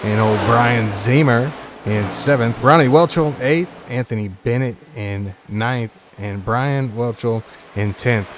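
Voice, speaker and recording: A man's voice: mid-range voice, background noise. A man commentating a live sim racing stream in a casual, chatty way, reading viewer chat aloud between points updates.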